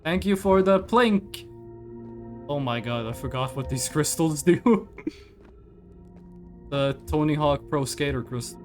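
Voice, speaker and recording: A live streamer commenting on a space exploration game, thinking out loud and swearing when startled. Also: medium pitch, a little slow, long pauses, faint music behind.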